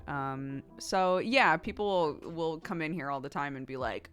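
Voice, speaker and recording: A woman's voice: low-pitched, a little slow, a bit bright, clean tone, soft background music. An American woman in her thirties, a streamer chatting casually and rambling, laughing often. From United States. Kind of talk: casual chat with chat.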